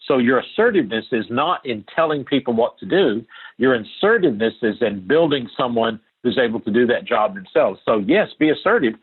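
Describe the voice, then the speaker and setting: A man's voice: mid-range voice, breathy edge, phone-quality sound. An older man from Appalachia, a guest answering interview questions in an earnest, emphatic way that repeats key phrases.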